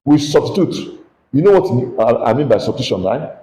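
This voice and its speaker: Nigerian man teaching physics, lively. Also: mid-range voice, normal speed, reverberant, rough recording. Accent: Nigerian English. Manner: questioning, coaxing students to answer aloud. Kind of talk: classroom lesson with call-and-response questions.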